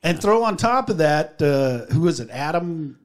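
A man's voice: on the high side, very animated, unhurried. A man co-hosting a podcast, telling stories casually, crude and laughing. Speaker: podcast co-host. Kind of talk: casual chat.

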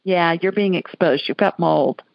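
A woman's voice: on the low side, unhurried, creaky, no echo. A woman from Alabama, hosting a call-in radio show in a folksy, chatty way. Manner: chatty, folksy, laughs often. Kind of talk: casual call-in radio chat. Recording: dull lo-fi audio.

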